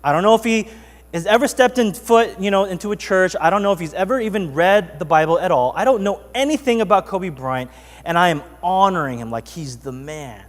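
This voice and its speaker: A man's voice: high-pitched, animated, fairly quick, in a large hall. A man preaching a sermon as pastor, telling a story in a loose, chatty way with many fillers. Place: church sanctuary.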